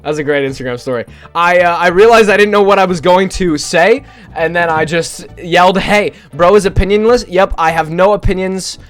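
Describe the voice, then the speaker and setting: A man's voice: high voice, fairly quick, faint music behind. Rambling, joking male streamer. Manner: rambling, joking, profane, self-mocking. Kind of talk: casual live-stream chat with viewers.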